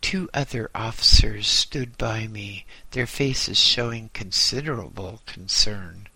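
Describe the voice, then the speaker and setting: A man reading a first-person story aloud in a slow, measured way. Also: lowish voice, creaky, bright, forceful tone, husky, dry recording, low-quality recording. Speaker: narrator.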